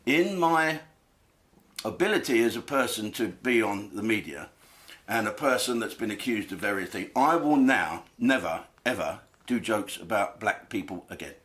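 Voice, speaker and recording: A man's voice: on the low side, expressive, moderate pace, a bit bright. A man, a comedian, delivering an angry monologue to camera full of swearing and rhetorical questions.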